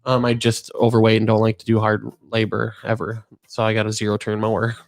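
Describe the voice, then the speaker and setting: A man's voice: lowish voice, completely flat delivery, a little fast. A middle-aged man hosting a podcast, talking in an earnest, rambling way and telling stories with animation. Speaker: podcast host. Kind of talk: casual podcast chat.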